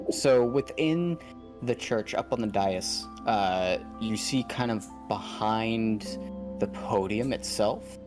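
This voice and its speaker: A man narrating a tabletop game as game master, rambling casually with many fillers. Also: on the low side.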